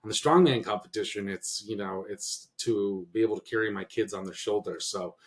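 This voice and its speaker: A man's voice: lowish voice, brisk. A man in his thirties, co-hosting a podcast, talking in an earnest, reflective way. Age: 30s. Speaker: podcast co-host. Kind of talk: casual podcast chat.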